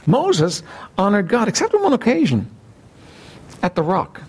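High-voiced preacher clearing his throat. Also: huge pitch swings, measured pace, a little mellow. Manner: frequent throat clearing, conversational asides to the congregation. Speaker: pastor. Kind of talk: sermon.

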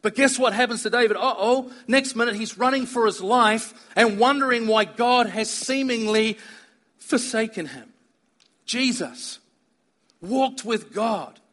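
Man, high voice, earnest sermon, emphatic preaching. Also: a bit bright. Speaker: pastor.

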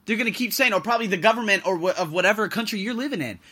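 Racing along in a high, pushed, bright voice, a man rants bluntly about his job on his casual podcast, swearing freely throughout the monologue. He hosts the show and works as an English teacher while living abroad.

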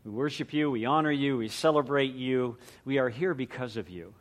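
A middle-aged man, a pastor, preaching a sermon and praying in an earnest, measured way. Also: medium pitch. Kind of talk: sermon with prayer.

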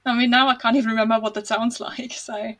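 A woman's voice: on the high side, little pitch movement, quick pace, fairly bright tone. A British woman hosting an interview, friendly and laughing lightly as she thinks aloud. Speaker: host, author. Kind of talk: casual interview chat.

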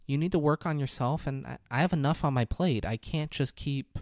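A man's voice: fairly high pitch, brisk, no echo, clean studio sound, pitched above the performer's own voice, close to an everyday voice. A man voicing a worried young mother, earnest and insistent, while retelling a movie scene. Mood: earnest pleading.

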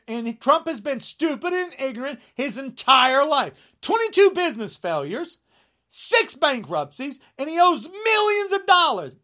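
A man in his sixties delivering an angry rant to camera, indignant and sarcastic, swinging between shouted jabs and low muttering. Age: 60s. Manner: mocking sarcasm. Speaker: vlogger.

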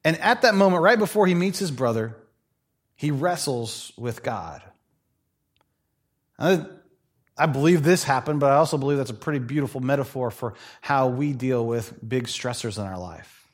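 A male pastor preaching a sermon in a conversational, animated way, telling stories with playful asides. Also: medium pitch, moderate pace.

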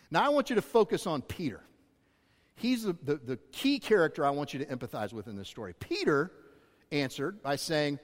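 Male pastor preaching, chatty and self-mocking, lots of pitch swing, long church echo. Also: very animated, moderate pace. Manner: conversational, self-deprecating asides to the congregation. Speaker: executive pastor. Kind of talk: sermon. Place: church auditorium. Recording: long hall reverb.

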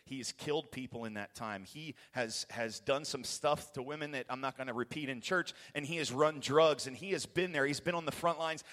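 A passionate American man tells a rambling church testimony, breaking into laughter and bursts of excitement. His voice sits at an ordinary middle pitch. The sound carries a long, echoing reverb from a large church hall. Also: moderate pace, few pauses. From United States. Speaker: guest preacher giving a testimony. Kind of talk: sermon testimony storytelling. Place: church sanctuary.

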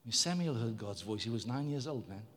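A man's voice: medium pitch, lively intonation, brisk, fairly bright tone. Emphatic male preacher in a reverberant church. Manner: emphatic preaching, repeats words, calls on the congregation. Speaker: pastor. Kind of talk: sermon.

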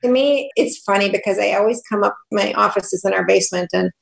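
A woman's voice: mid-range voice, quick pace, creaky, rough recording. An older woman, a grandmother, chatting upbeat and laughing often as a foundation vice president in an interview. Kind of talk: casual interview chat.

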